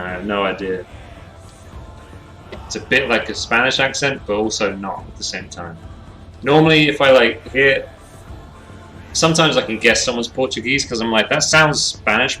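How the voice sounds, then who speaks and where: A man's voice: lowish voice, sharp tone. A man talking casually on a live stream, rambling and thinking aloud as he designs characters, laughing often.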